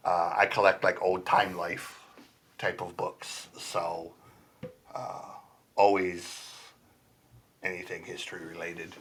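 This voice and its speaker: Low-voiced rambling man, laughing often. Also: a bit bright. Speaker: podcast guest. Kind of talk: casual chat. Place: home basement room.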